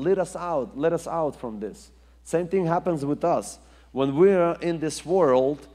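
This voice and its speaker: Man preaching, emphatic and repetitive, fairly high voice, long hall echo. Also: warm tone. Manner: emphatic, rising and falling delivery with repetition. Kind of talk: sermon.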